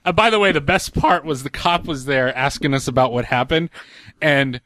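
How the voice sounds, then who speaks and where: A man's voice: medium pitch, moderate pace, no room sound, studio quality. A man on a casual podcast, telling a story with lots of laughter and putting on voices for the people in it. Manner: animated storyteller, laughs often, puts on voices for quotes.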